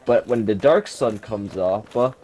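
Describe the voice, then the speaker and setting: A man's voice: fairly low pitch, a little slow, darkish tone, poor audio. Irreverent, jokey male storyteller. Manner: irreverent, jokey, swears often, many fillers. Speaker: lore video narrator. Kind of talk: casual storytelling.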